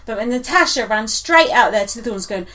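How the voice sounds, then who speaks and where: A woman's voice: fairly high pitch, animated, a little fast, bright, forceful tone. A woman co-hosting a casual gossip chat, blunt and opinionated, laughing often. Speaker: podcast co-host.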